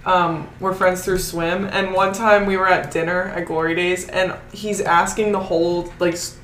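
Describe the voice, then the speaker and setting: A young woman co-hosts a casual podcast, reading out odd facts with dry little quips. Her voice sits slightly low. The recording is echoey, with a faint hiss. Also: steady tone, normal speed, a bit bright. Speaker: podcast co-host. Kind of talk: casual chat. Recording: echoey room with faint noise.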